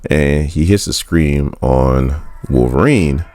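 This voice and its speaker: Very deep-voiced man recapping comics casually. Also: slow, darkish tone. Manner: chatty, laughs often, retells dialogue loosely. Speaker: comic book recap host.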